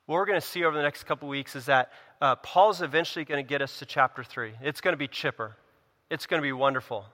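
Preaching man with bright, echoing voice. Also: quick pace. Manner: earnest preaching, swings between loud emphasis and hushed low lines. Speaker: pastor. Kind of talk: sermon. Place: church sanctuary. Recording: long reverb of a church hall.

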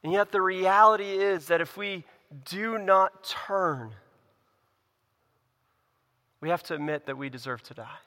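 A man, a pastor, preaching a sermon with earnest emphasis, rising to loud lines and dropping to hushed ones. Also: high-pitched, unhurried, pauses often. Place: church sanctuary. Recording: long reverb of a church hall.

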